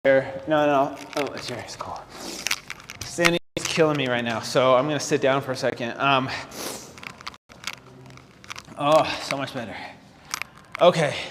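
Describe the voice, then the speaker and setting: A man around forty speaks to his viewers on a casual livestream, halting and earnest, with plenty of fillers and restarts. He is holding back tears as he talks. His voice carries a long, roomy reverb over a faint background hiss. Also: mid-range voice. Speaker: fitness vlogger.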